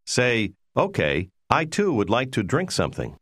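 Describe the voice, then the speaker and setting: A man giving scripted instructions in a language course, prompting the listener in a clear, measured way. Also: mid-range voice, wildly swooping pitch, a bit bright, no echo, clean studio sound.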